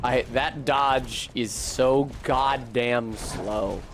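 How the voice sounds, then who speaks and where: A man's voice: mid-range voice, extremely slow, slight background noise. A man streaming a video game, giving casual, profane commentary, talking back to the game and to his chat.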